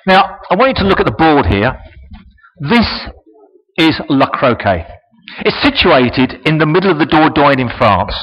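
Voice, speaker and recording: A man telling a story to a roomful of people, his voice swinging high and low as he goes. He talks in a chatty way and turns to the audience with asides. The recording sounds dull and lo-fi. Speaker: speaker at a presentation. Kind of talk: storytelling speech.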